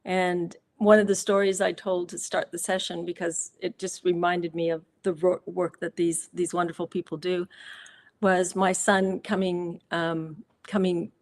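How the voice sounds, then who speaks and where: A woman's voice: fairly low pitch, little pitch movement, unhurried. A woman author speaking as a guest on a live interview show, candid and reflective, telling personal stories with fillers and restarts.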